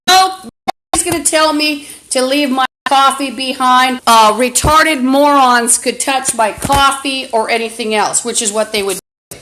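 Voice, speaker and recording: A woman's voice: high-pitched, background noise. A woman talking into a phone or camera mic in a rambling, agitated, profane livestream monologue full of fillers.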